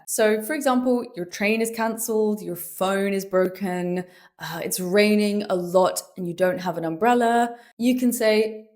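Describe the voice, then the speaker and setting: A woman's voice: mid-range voice, unhurried, a little mellow. British woman teaching English phrases. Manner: acts out example lines with gasps and sighs. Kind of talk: scripted lesson.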